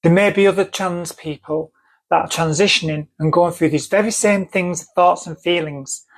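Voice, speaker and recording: A woman's voice: lowish voice, normal speed. A woman with a North Manchester accent telling a personal story to camera, earnest and emphatic, repeating phrases for stress. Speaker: vlogger.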